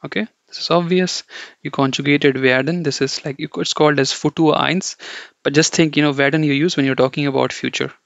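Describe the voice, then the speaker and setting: A man's voice: a little high, steady tone, fairly quick, vocal fry, a bit bright, no echo. A man teaching an online German lesson, explaining step by step with frequent checks like "okay" and "you know". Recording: dull, lo-fi dry recording.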